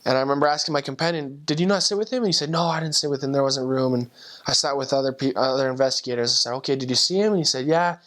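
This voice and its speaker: A man's voice: medium pitch, steady tone, rapid-fire, a bit bright. A young man, a former missionary, earnestly tells a personal conversion story and acts out the voices of the people in it. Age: young adult. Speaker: returned missionary.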